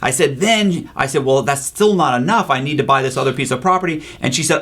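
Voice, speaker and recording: A man being interviewed, telling his story in a casual, animated way, acting out what others said and swearing freely. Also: a little high, fairly quick, hardly any pauses. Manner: animated, profane storytelling, acts out quoted voices, says "bro". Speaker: interview guest, former con man.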